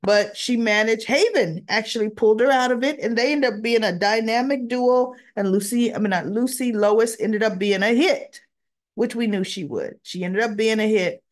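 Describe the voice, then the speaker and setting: A woman's voice: fairly high pitch, moderate pace. A woman recapping a daytime soap episode in a casual, chatty way, acting out bits of the dialogue as she retells the scenes. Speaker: soap opera reviewer.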